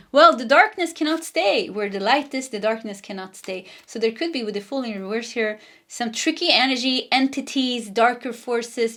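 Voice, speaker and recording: Chatty woman reading tarot. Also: fairly high pitch. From Sweden. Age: 40s. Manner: chatty, laughs often, wanders off mid-sentence. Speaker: tarot reader.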